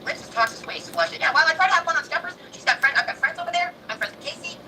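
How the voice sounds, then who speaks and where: A woman's voice: very high voice, animated, very fast, pushed and bright. A woman ranting heatedly and profanely on a livestream, in a clip played back from a distance with background noise. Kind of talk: angry livestream rant.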